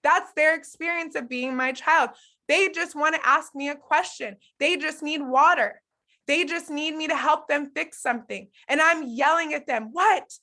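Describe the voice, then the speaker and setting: A woman's voice: high-pitched, moderate pace, bright, forceful tone. A woman in her thirties coaching an online group in a casual, candid way, talking straight to her audience with many fillers. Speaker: online coach hosting a challenge. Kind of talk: casual live-stream teaching.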